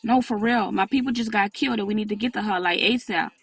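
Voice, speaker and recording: A woman's voice: medium pitch, fast, creaky, husky, dry recording, faint music behind. A woman voicing an urgent young woman friend who talks insistently in street slang.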